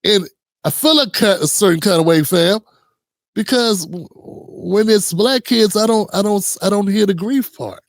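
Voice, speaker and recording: A man's voice: high-pitched, moderate pace, no echo, studio quality. A man hosting a commentary channel, talking casually and earnestly with many restarts and rhetorical questions.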